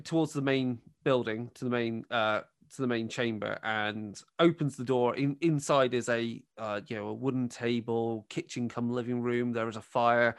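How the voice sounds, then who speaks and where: A man's voice: mid-range voice, smooth, no room sound, clean studio sound. A man running a tabletop game, narrating scenes descriptively with many fillers. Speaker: game master.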